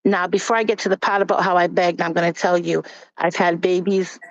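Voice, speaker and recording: A woman's voice: fairly low pitch, flat delivery, a little fast, dry recording. A woman giving a candid, blunt personal testimony as a panel guest. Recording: dull, dry recording.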